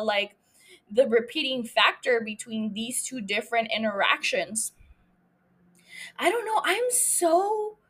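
Woman, young adult, high voice, podcast host, rambling, profane, self-mocking. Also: fairly bright tone. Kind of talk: casual recap chat.

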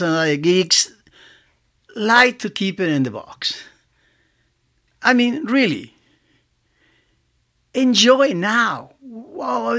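Sixty-something guy, rambling podcast talk, bright voice, pitch bouncing all over. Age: 60s. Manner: excitable, rambling, laughs often, acts out both sides of conversations. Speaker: podcast host. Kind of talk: casual solo monologue.

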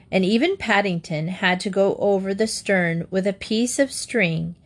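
A woman narrating a children's storybook aloud in a steady, even-paced reading. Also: medium pitch.

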